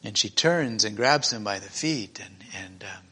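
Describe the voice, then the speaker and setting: A man's voice: fairly low pitch, lively intonation, normal speed, pushed and bright, slightly rough. A man preaching in a church meeting, retelling a scripture story in an emotional, conversational way with many restarts.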